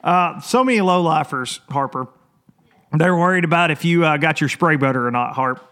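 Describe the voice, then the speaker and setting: A man hosting a fishing show, talking casually and excitably with lots of restarts and teasing jokes. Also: a little high, normal speed. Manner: rambling and excitable, many restarts. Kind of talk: casual vlog opening talk.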